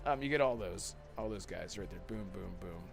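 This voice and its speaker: A man's voice: on the low side, lively intonation, fairly quick, vocal fry, faint music behind. A man hosting a casual live gaming podcast, laughing often and tripping over his words. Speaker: podcast host. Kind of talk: casual live-stream chat.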